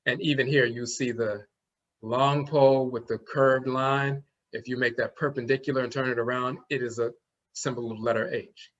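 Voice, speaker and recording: A man's voice: medium pitch, fairly even intonation, a bit bright, highs cut off. A man teaching an online class, explaining things step by step and sounding out letters as he goes. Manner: explains slowly, demonstrates sounds aloud.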